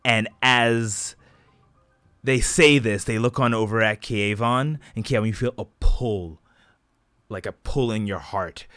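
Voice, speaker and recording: A man narrating as game master in a tabletop game, dramatic but halting, with frequent fillers. His tone is bright. The sound is dry and close. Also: on the low side, no room sound.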